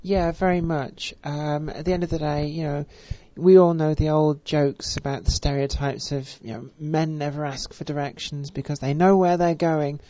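A voice coach, speaking with deliberately stretched vowels and a careful, refined pronunciation, with frequent fillers. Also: female voice, low-pitched, fairly even intonation, dark tone, dry recording. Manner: measured, elongated vowels, many fillers. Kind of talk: spoken voice lesson. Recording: dull, dry recording.

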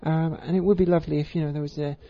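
A woman giving an informal voice tutorial, with crisp, careful enunciation and frequent ums. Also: low voice, fairly even intonation, racing. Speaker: voice coach. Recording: slightly muffled lo-fi recording.

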